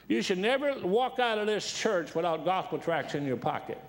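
Man, guest preacher, folksy rambling sermon, slightly high voice. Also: expressive, moderate pace, few pauses. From Detroit. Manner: folksy, rambling anecdotes with repeated restarts. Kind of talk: storytelling sermon.

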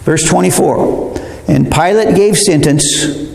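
A man's voice: fairly high pitch, slow, creaky, darkish tone. A male preacher teaching a verse-by-verse Bible sermon in a conversational, digressive way, speaking directly to his listeners. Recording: roomy hall reverb.

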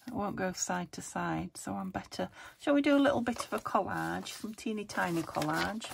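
A woman's voice: mid-range voice, normal speed, gravelly, a little hiss or hum. A British woman hosting a crafting video, chatting casually and muttering to herself as she works at her table, sometimes dropping to a whisper. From United Kingdom. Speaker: craft channel host.

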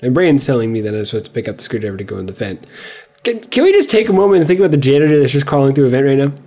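A man's voice: mid-range voice, very animated, racing, warm tone. A young man commenting on a horror game as he plays, joking and sarcastic while he rambles to himself. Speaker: gameplay commentator. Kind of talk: let's play commentary.

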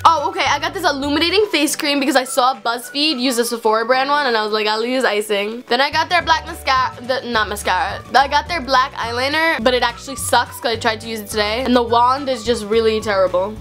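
A chatty young woman talking straight to her camera at home, her voice sitting a bit high. She rambles in a bubbly way, scattering "like" through every sentence, with faint music playing underneath. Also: quick pace, hardly any pauses, a bit bright. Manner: chatty, bubbly, heavy use of "like". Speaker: vlogger. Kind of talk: casual haul video chat.

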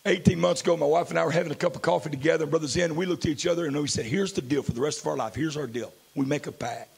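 Male pastor, slightly high and raspy, fiery revival preaching. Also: very fast. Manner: fiery preaching, swings from hushed storytelling to shouting. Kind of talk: sermon. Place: large church.

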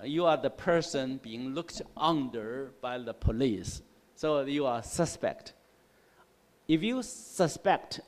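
A male English teacher giving a classroom lecture on word roots, explaining slowly and repeating himself, often checking with "right?" and "okay?". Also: medium pitch, darkish tone. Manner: slow, repetitive explaining with frequent "right?" and "okay?". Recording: long hall reverb in a classroom.

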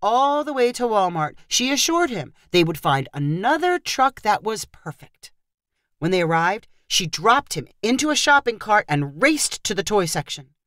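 Expressive woman narrating a short story. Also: mid-range voice, normal speed, dry recording, clean studio sound. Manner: expressive storytelling, lively intonation. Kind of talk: scripted narration.

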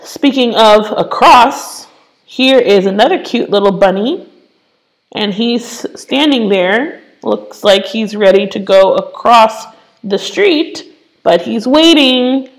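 A woman's voice: fairly high pitch, expressive, slow, poor audio. A woman teaching English to children in an online lesson, explaining patiently with playful asides.

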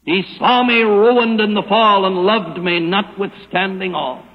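A man pastor giving a radio Bible teaching sermon, preaching emphatically with slow, dramatic stressed phrases. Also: high voice, fairly even intonation. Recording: muffled old radio broadcast with long reverb.

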